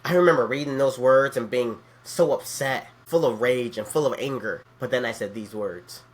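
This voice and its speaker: A man's voice: medium pitch, normal speed. A young man in his twenties, a youth pastor, telling his personal faith testimony in an earnest, heartfelt way. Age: 20s.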